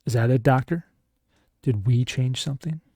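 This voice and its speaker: A man's voice: medium pitch, normal speed, warm tone, no room sound, studio quality, natural voice. Man playing a probing starship commander. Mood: pressing.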